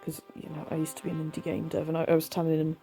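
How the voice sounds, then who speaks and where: A woman in her thirties with vocal fry, tired from lack of sleep, chatting casually and rambling with lots of fillers while playing a video game. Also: low voice, monotone, rapid-fire, dark tone, faint music behind. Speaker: game streamer. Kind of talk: casual let's-play commentary.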